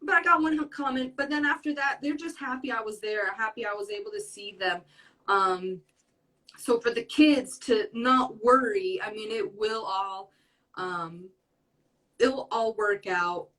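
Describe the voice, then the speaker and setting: A woman's voice: fairly high pitch, unhurried, fairly bright tone, distant mic, poor audio. Earnest young woman, set back from the mic. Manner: earnest, rambling with many fillers. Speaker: guest. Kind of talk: casual conversation.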